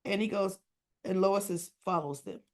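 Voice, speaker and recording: A woman's voice: medium pitch, normal speed. A woman giving a casual recap of a soap opera episode, retelling the scenes and quoting each character in turn.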